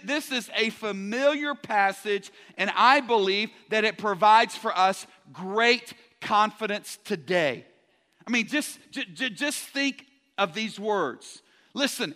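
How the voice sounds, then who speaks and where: A man delivers an energetic sermon in a high, bright voice, joking with his congregation and often restarting his words. His voice carries a long reverb, like a large church hall. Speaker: pastor.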